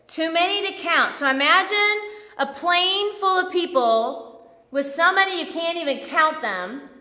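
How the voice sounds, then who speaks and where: A woman preacher giving a casual, animated sermon that retells scripture in a church. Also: high-pitched, reverberant, in a large hall.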